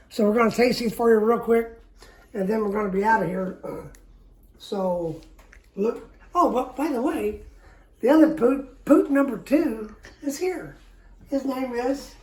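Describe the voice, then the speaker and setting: A woman's voice: on the high side, a little mellow. A middle-aged woman hosting a backyard barbecue cooking video, with a folksy, chatty manner and a habit of repeating her words. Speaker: backyard barbecue cook and host. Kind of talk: casual cooking demonstration. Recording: roomy, distant camera mic, faint background noise.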